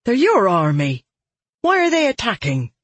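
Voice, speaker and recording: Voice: mid-range voice, huge pitch swings, normal speed, husky, no echo, pitched above the performer's own voice. A narrator voicing an anxious young woman in an audiobook, who keeps asking questions in a raised voice. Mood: confused.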